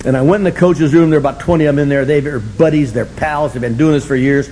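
An older man sharing his story at a recovery meeting, sardonic and humorous, breaking into shouts. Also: medium pitch, fast, a little hiss or hum, low-quality recording. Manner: animated, sardonic, bursts into shouting.

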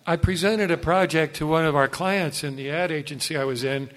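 Older male speaker sharing his testimony; animated, self-mocking storyteller who talks straight to the crowd. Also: fairly high pitch, a little fast. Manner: animated, self-deprecating, asides to the audience. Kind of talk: personal storytelling talk.

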